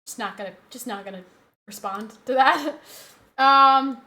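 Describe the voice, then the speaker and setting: A woman's voice: high voice, measured pace, bright, forceful tone. A woman streamer chatting casually on a live stream from her home setup, often cooing at her dog in a doting voice.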